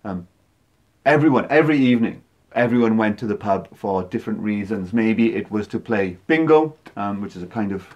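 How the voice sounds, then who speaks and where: Welsh man, middle-aged, low voice, calm podcast co-host giving advice. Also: highs cut off. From Wales. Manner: measured, advice-giving, frequent ums. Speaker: podcast co-host, English teacher. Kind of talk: casual educational podcast chat.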